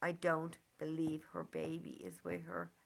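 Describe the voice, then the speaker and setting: An Irish woman with a Dublin accent speaks in an unhurried, earnest monologue. Her voice sits a little low and has a gravelly fry to it. She leans on "you know" again and again as she talks. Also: big pitch swings, background noise. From Ireland. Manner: earnest, repeats 'you know' often. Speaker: community member speaking to a channel. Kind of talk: casual monologue.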